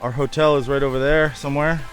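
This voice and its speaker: A man's voice: mid-range voice, flat delivery, fast, soft background music. A man filming a casual travel vlog, chatting about what he sees as he walks around. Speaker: travel vlogger. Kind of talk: casual vlog commentary while walking.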